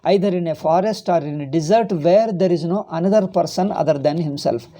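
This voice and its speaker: A man's voice: a little high, fairly quick, dark tone. A man, a monk teaching a philosophy class, arguing with rhetorical questions and repeating his points. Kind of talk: lecture.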